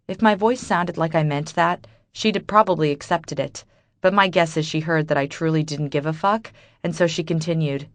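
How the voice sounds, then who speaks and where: A woman narrates a first-person audiobook in a bitter, wry inner-monologue manner. Her voice sits on the low side for a woman. The recording is dry and close, with no room sound. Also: fairly quick, no room sound.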